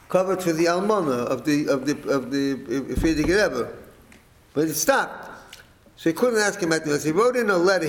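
A middle-aged man telling a family story to listeners, rambling and animated, acting out the quoted speech. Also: on the high side, roomy sound, poor audio.

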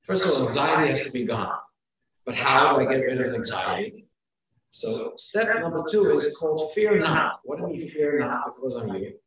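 A man's voice: mid-range voice, animated, normal speed, fairly bright tone. A man teaching a class, counting off numbered points and repeating key phrases for emphasis. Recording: echoey room, far from mic, dull sound.

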